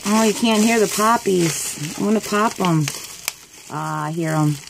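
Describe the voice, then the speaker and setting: A woman vlogger chatting excitedly and gushing as she opens friend mail. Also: mid-range voice, unhurried, vocal fry, noisy background. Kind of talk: casual unboxing chat.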